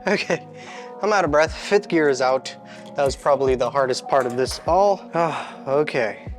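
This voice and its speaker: A man's voice: mid-range voice, moderate pace, faint music behind. A man narrating a step-by-step repair in a casual, chatty way while he works, often poking fun at himself. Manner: chatty, self-deprecating, talks to himself mid-task. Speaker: home mechanic channel host.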